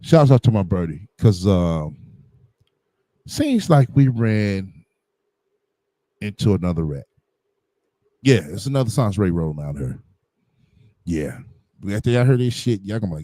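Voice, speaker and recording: A man's voice: lowish voice, sing-song, unhurried, pauses often, dark tone, no echo. A man giving blunt, profane livestream commentary, heavy on slang and fillers. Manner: blunt, combative, heavy on slang and "you know what I'm saying".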